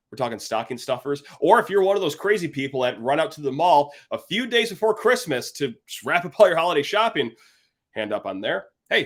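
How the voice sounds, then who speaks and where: A man hosting a sports podcast, his voice a little higher than most and swinging widely in pitch. He talks in a casual, playful way, hamming up an ad read like an eager salesman. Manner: animated, playful salesman energy. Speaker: podcast host.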